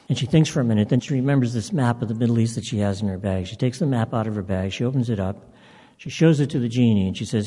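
Man, casual joke teller, rambling, mellow tone, long reverb. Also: mid-range voice, quick pace. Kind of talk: telling a joke.

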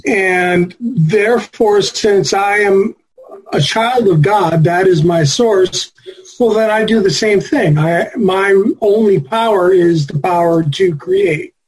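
A man sharing his spiritual views in a group video call, measured and reflective with wry asides. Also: high-pitched, a little mellow, husky, low-quality recording. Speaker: group participant.

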